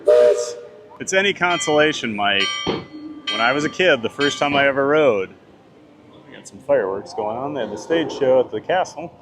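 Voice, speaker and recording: Loud music plays behind a man's mid-range voice as he streams live from outdoors at a theme park. Speaking at a normal speed with lively intonation, the vlogger casually reads viewer comments and replies to them.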